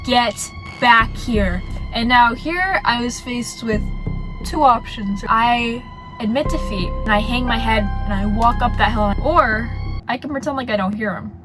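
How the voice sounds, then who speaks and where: Young woman vlogger, a touch high, sarcastic, acts out the dialogue of her story. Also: normal speed, music in the background, low-quality recording. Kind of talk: storytime vlog.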